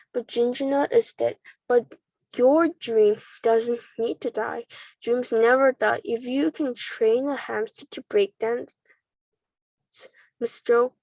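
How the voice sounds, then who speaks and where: A big, jolly shopkeeper, read by a woman, speaks kindly and a little muddled in a storybook reading. His voice is unhurried and sits a touch high, recorded close and dry. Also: no room sound. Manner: warm, fatherly, a little muddled.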